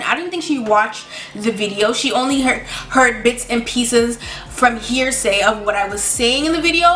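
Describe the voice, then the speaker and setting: A young woman vents in a candid, exasperated vlog rant, tossing out emphatic, mocking asides. Her voice is bright and set a little high. It rings in an echoey room while faint music plays underneath. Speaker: vlogger. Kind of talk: storytime rant.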